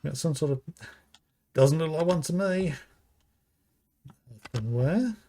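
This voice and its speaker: A man's voice: a little high, expressive, warm tone, a little hiss or hum. A man with a British accent streaming a horror game, thinking aloud and reading out items as he plays. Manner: slow, thinking aloud, muttering item names. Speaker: gaming streamer. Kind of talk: live game commentary.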